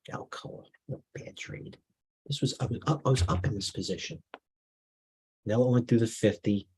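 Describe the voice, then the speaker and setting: A middle-aged man hosts a live trading stream in a low, husky voice. He talks off the cuff, muttering asides and restarting sentences as he goes. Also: darkish tone, low-quality recording. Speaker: stock market live-stream host. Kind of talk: off-the-cuff market commentary.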